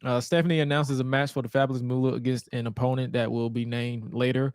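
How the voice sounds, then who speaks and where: The voice is a man of ordinary pitch, laid-back and loose as he recaps old wrestling shows for a podcast. He jokes and swears freely, with the sound close and dry. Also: level tone, fast, a little mellow, clear, resonant tone, no echo. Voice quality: laid-back, profane, joking. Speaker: podcast co-host. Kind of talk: casual wrestling recap chat.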